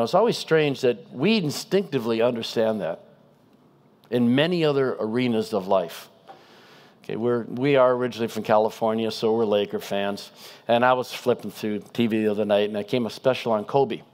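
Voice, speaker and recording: A man giving a guest sermon in a conversational style, animated and asking the congregation rhetorical questions. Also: mid-range voice. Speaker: guest preacher.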